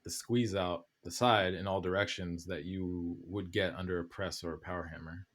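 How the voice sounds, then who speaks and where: Low-voiced man, an enthusiastic guest. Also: fairly even intonation, normal speed, fairly bright tone. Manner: enthusiastic, explaining with casual swearing. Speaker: guest craftsman. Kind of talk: casual chat.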